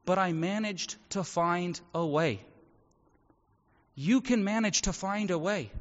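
High-voiced man preaching in a hall. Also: slow pace. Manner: conversational, acts out quoted voices. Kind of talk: sermon. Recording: echoey hall, dull audio.

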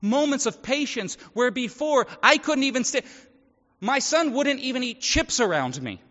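A high, bright-toned man preaches a sermon in a casual, chatty way, slipping into the voices of people in his stories. His voice rings through a reverberant church hall, and the sound is dull and muffled. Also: very animated, moderate pace. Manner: conversational, acts out quoted voices. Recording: echoey hall, dull audio.

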